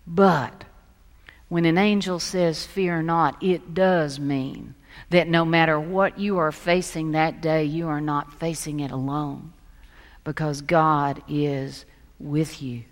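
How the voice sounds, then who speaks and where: A woman pastor preaching a sermon, telling stories and moving between lively emphasis and hushed soft passages. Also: deep voice, slow. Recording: long reverb of a large hall.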